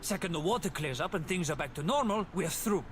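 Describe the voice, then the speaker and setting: A smug, scoffing crime boss. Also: male voice, sits high, animated, a little fast, a crowd in the background. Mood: grudging. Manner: scoffing, laughs through his words. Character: smug mocking male crime boss, middle-aged. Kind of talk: game voice acting. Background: game music.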